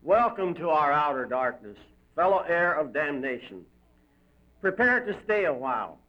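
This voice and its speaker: A man's voice: a little high, big pitch swings, normal speed. A man voicing a gloating male demon who mocks and taunts a damned soul. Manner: mocking, shrieking, cackling. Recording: dull lo-fi recording.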